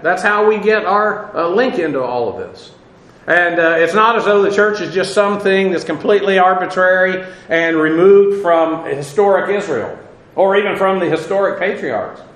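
A man's voice: high-pitched, moderate pace, fairly bright tone, roomy sound, poor audio. A man teaching a Bible lesson as a sermon, talking in a loose conversational way with fillers and small laughs.

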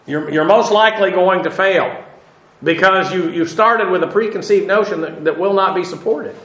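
A man teaching a Bible study lecture, unhurried, with many fillers and rhetorical questions. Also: sits high, a bit bright. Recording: roomy echo.

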